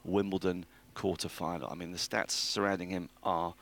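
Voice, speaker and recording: A man presenting on sports radio, briskly running through the day's schedule and joking with co-hosts. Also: low voice, level tone, creaky, fairly bright tone. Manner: brisk, jokey, reels off schedules. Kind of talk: sports radio chat and preview.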